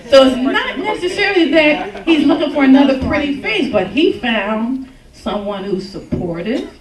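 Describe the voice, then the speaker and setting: A woman giving a joking, lively talk on relationships at a church service, acting out little quotes as she goes. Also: sits high, normal speed, a crowd in the background. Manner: animated, joking, acts out quotes. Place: church hall with congregation. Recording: echoey hall, mic from far off.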